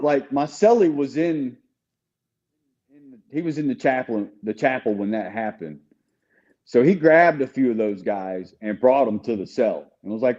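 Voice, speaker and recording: A man's voice: mid-range voice, mellow, lo-fi sound. A man telling a story in casual podcast chat, talking conversationally with frequent restarts. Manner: conversational, with repeated restarts and "you know". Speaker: podcast guest.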